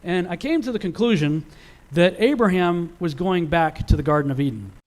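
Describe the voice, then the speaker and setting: Man, Bible teacher, casual teaching talk, higher voice, conversational, restarts and fillers. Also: lively intonation, moderate pace, darkish tone.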